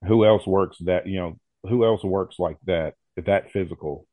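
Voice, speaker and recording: A man co-hosting a podcast in casual chat, quickly backing up his guest and agreeing with him. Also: low voice, dark tone, no room sound. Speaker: podcast co-host.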